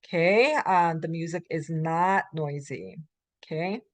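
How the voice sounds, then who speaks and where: A woman's voice: deep voice, a little slow. Woman teaching a language lecture. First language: Korean. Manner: explains with many fillers, acts out example phrases. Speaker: college Korean language professor.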